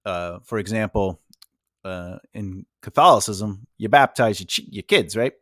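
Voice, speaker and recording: In a dry, clean studio recording, a man with a lowish, fairly bright voice talks unhurriedly. He's a writing coach from Long Island and Brooklyn with a New York accent, hosting a casual teaching monologue that rambles and is full of fillers.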